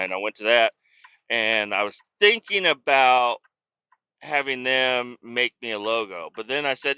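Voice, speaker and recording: A man hosts a podcast and tells his story in a loose, rambling way, with a lot of swearing. His voice is very bright and cutting. The recording sounds dull and lo-fi. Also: mid-range voice, animated, moderate pace, clean tone, no room sound. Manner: profane, storytelling, worked-up. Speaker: podcast host. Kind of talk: casual rambling monologue.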